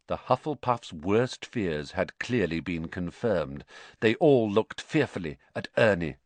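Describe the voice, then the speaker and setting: A man narrating a story in an expressive reading voice, close to the mic. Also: low voice, unhurried, no room sound. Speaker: audiobook narrator. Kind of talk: scripted narration.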